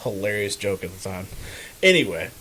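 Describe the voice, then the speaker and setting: A man's voice: on the low side, very animated, moderate pace, bright, forceful tone, a little hiss or hum. A man co-hosting a podcast in a casual chat, rambling and loose, with a lot of swearing. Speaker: podcast co-host.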